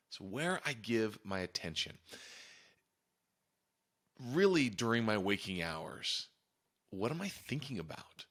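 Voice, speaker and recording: A man's voice: fairly low pitch, very animated, slow, long pauses, sharp tone. A man hosting a podcast, talking in an earnest, reflective way and often restarting or repeating his phrases. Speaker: podcast host. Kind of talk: casual reflective monologue.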